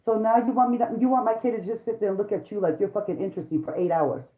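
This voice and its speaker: A woman's voice: mid-range voice, steady tone, quick pace. A woman vlogger and mother delivering a heated, profane rant straight to her viewers. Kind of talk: angry profane rant to camera. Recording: roomy, dull lo-fi sound.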